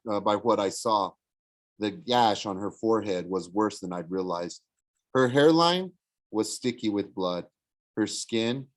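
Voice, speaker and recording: A man reading a novel aloud in the first person, expressive, with small slips and restarts. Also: lowish voice. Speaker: audiobook narrator.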